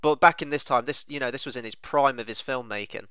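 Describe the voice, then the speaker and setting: A man's voice: medium pitch, fast talker, a bit bright, clear, resonant tone, no room sound. A man co-hosting a casual film review, chatting enthusiastically with plenty of "you know" fillers.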